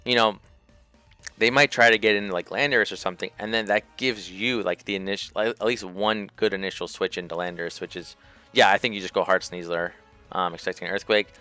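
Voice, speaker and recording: A man hosting a casual strategy chat, talking loosely and thinking out loud with lots of fillers. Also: lowish voice, steady tone, a little fast, clean tone, faint music behind. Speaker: host.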